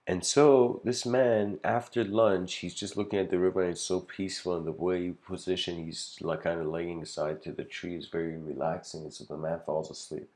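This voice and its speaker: A man's voice: low voice, steady tone, normal speed, few pauses, a little mellow. A man giving a casual lecture, telling a story in a rambling way with lots of filler words and frequent chuckles.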